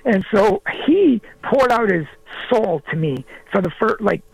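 A man talking as a guest on a radio show, telling stories in an animated way and acting out the dialogue. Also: sits high, measured pace, gravelly, slightly rough, no room sound, rough recording. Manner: animated, acts out quoted dialogue. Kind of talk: storytelling in a radio interview.

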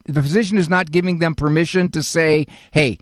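A man's voice: a little high, fairly even intonation, a little fast, no echo, clean studio sound. An older man hosting a call-in advice show, folksy and fatherly, often acting out what other people say. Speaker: radio call-in host, psychologist.

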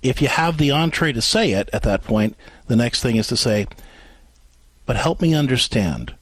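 A man co-hosting a call-in advice show, coaching a caller step by step and acting out gentle example phrases. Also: mid-range voice, sing-song, moderate pace, slightly rough, no room sound. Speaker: radio advice host.

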